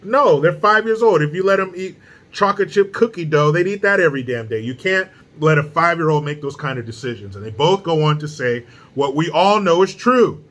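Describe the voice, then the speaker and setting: A man delivering casual opinion commentary in a blunt, sarcastic way, swearing freely. His voice sits a little high for a man and comes across bright and forceful. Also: expressive, brisk. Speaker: political commentary host.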